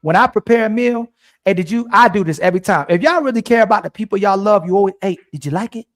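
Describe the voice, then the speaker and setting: A man's voice: high-pitched, fast talker. A man hosting a casual livestream panel, reading super chats aloud in a slangy, playful, teasing way.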